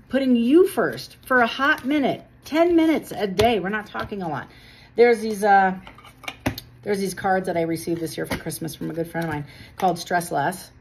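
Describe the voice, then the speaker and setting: Woman, tarot reader, lowish voice, earnest chatty delivery, faint hiss behind. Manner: earnest, chatty, self-deprecating. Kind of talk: casual tarot reading to camera.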